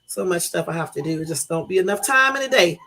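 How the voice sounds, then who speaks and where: Chatty fast-talking woman livestream host. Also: fairly low pitch, expressive, pushed and bright. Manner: talks very fast, chatty and rambling. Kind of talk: casual livestream chat.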